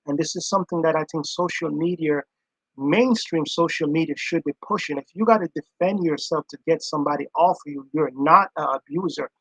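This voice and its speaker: A man gives casual reaction commentary, earnest and emphatic, circling back to repeat his point. His voice sits a touch high for a man. The sound is close and dry, with no room around it. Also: a little fast, husky, dry recording, rough recording.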